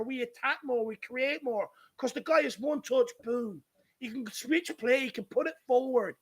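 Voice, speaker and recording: A man's voice: very high-pitched, creaky. An Irish man hosting a live football watchalong, ranting furiously and swearing at his team's defending. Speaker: fan channel host. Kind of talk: live match watchalong commentary.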